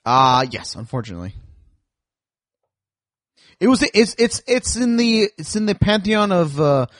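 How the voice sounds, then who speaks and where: Opinionated podcast host, slightly high voice. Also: male voice, big pitch swings, a little slow, no room sound. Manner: opinionated, explaining with frequent restarts. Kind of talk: casual chat.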